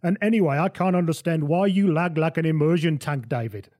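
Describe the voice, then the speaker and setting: A man doing a gruff, demanding impression of a foul-tempered rugby player. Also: mid-range voice, flat delivery, fast talker, mellow, natural voice. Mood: angry.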